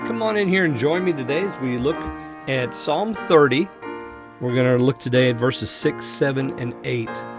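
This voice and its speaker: A man's voice: medium pitch, moderate pace, music in the background. A man giving a folksy, conversational Bible teaching on a radio show, thinking aloud and chuckling now and then.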